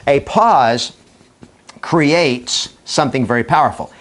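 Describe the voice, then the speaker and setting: A man giving an enthusiastic training talk to camera as a real estate trainer, using deliberate dramatic pauses for emphasis. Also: medium pitch, lively intonation. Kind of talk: energetic training video monologue.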